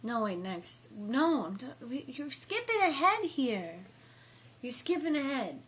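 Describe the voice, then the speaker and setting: A young woman telling a party story in casual chat, animated, with slangy, profane talk. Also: sits high, a little slow, husky.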